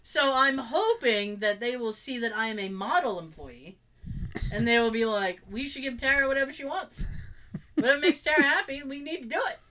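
A woman with a high-sitting voice and moderate pace swaps casual work stories. She tells them animatedly, voicing her coworkers' dialogue herself.

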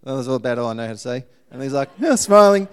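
A man giving a guest sermon, telling a missionary story in a lively way and acting out the people in it. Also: mid-range voice, fast, clear, resonant tone.

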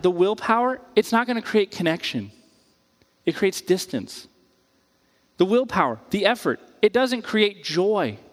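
Male pastor, high voice, chatty animated preaching, long hall reverb. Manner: casual and animated, acts out quoted voices, many "like"s. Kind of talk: conversational sermon.

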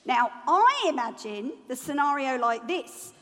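A woman preaches with a high, bright voice and a playful, humorous manner. She acts out the figures in her sermon, and the long reverb of a large hall rings around her words. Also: big pitch swings, a little slow.

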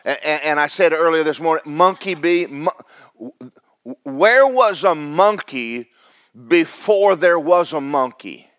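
A man's voice: on the high side, a bit bright, dry recording, studio quality. A man preaching a sermon, folksy and storytelling, acting out the characters. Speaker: pastor.

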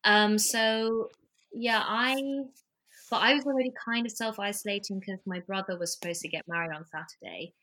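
Bright-voiced English woman chatting. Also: medium pitch, normal speed. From England. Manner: chatty, animated storytelling with many fillers. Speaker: actor and podcast guest. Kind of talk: casual chat. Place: home in London.

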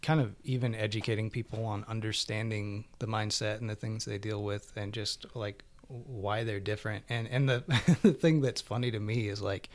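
A man's voice: fairly low pitch, steady tone, moderate pace, hardly any pauses. A man chatting casually about TV shows, meandering and heavy on filler words. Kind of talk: casual podcast chat.

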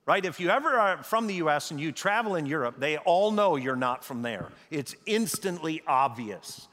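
A middle-aged American man preaching a sermon as a pastor, emphatic, slowing down and repeating key phrases. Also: on the high side, lively intonation, fairly bright tone. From United States. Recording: reverberant hall.

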